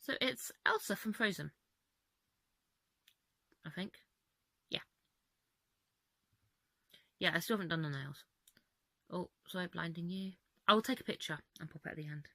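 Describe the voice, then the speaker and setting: A young woman chats candidly to camera in a rambling, open way, her voice fairly low and a bit worn. She is recorded close and dry, with almost no room sound. She laughs often between thoughts. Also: animated, measured pace, creaky, pauses often, bright, forceful tone, no room sound. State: voice going. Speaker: vlogger. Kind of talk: casual chat to camera.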